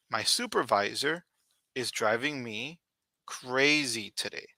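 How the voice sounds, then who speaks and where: A man teaching English vocabulary on a live stream, speaking slowly and deliberately and repeating key words for his learners. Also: medium pitch, expressive, pushed and bright, dry recording.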